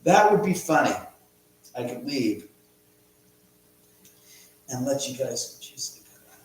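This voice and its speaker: A man's voice: medium pitch, sing-song, slow, very echoey, low-quality recording. A man hosting a casual live stream from his home, rambling, muttering to himself and swearing often. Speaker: livestream host.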